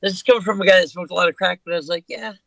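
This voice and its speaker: A man's voice: high voice, fairly even intonation, racing, vocal fry, a bit bright, dry recording, low-quality recording. A man who is a guest musician on a podcast, talking casually and rambling with many restarts.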